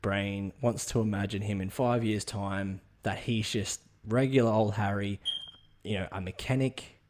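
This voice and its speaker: A man's voice: lowish voice, darkish tone. A man hosting a podcast, rambling and swearing through a comic monologue. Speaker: podcast host.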